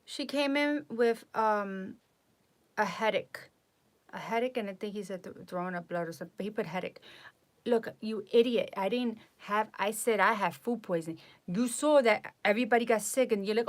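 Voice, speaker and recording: A woman vlogger telling a personal story in a casual, exasperated way, with animated retelling. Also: medium pitch, normal speed.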